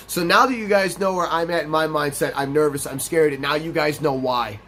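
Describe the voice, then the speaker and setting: A man's voice: a little high, steady tone, fairly quick, few pauses, fairly bright tone, a little hiss or hum. A man hosting a gaming channel, telling a rambling, profane, self-deprecating story over a game playthrough.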